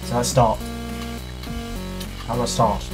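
A man narrates his playthrough in a loose, joking let's-play manner, swearing freely and mocking the game. His voice sits at an ordinary middle pitch. A faint tune plays under his talk. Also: level tone, unhurried, over music. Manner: crude, profane joking. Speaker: gaming video host.

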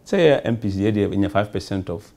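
Animated and brisk, this man talks in a fairly low, darkish voice. As a Ghanaian member of parliament interviewed on a talk show, he meanders and repeats himself while combining English and Twi.

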